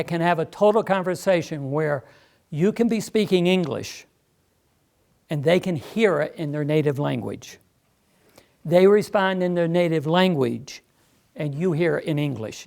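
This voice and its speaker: A man speaking to a school district meeting, emphatic and persuasive, with quick asides to the audience. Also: on the high side, vocal fry, darkish tone. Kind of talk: live presentation. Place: meeting room.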